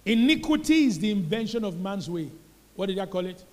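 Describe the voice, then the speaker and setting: A Nigerian man preaching a sermon as pastor, repeating key phrases and building to loud emphatic peaks. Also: high voice, big pitch swings, a little fast, in a large hall. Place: church hall.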